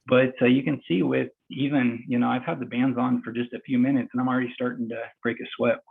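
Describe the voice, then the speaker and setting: Male therapist, gravelly and husky, coaching while exercising, thin call-line sound. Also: medium pitch, little pitch movement, fast, phone-quality sound. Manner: talks while exercising, plain and encouraging. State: out of breath. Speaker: physical therapist demonstrating exercise. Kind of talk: instructive explanation during a live demo.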